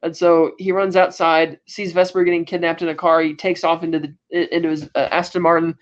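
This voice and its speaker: A man with a notably high speaking voice recaps a film for a casual podcast. He tells it with animated energy, stumbling and restarting as he goes. The recording sounds dull and lo-fi. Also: fairly quick. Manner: animated retelling with frequent restarts and fillers. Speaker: podcast co-host.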